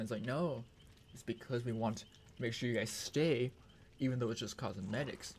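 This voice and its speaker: A man's voice: mid-range voice, moderate pace, a little hiss or hum. Male streamer, offhand chat while playing, swears a lot and circles back on himself. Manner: rambling and profane, full of "it's like". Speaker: gaming streamer. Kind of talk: casual gaming stream chat.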